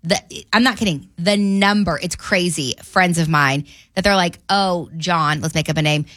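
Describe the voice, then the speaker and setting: Female radio host, lower pitch, dry studio sound, talkative. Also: moderate pace, no room sound. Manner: chatty, animated storytelling. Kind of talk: casual morning radio banter.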